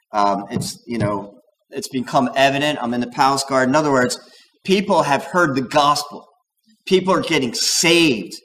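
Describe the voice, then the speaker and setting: A man preaching a sermon as pastor, talking in an animated, digressive way and acting out quoted voices. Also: mid-range voice, low-quality recording. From United States.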